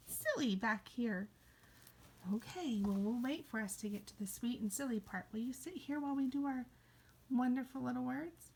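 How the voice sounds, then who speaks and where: A woman teaching a kindergarten reading lesson, playful, slipping into high excited cries and soft whispers. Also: normal speed, breathy edge.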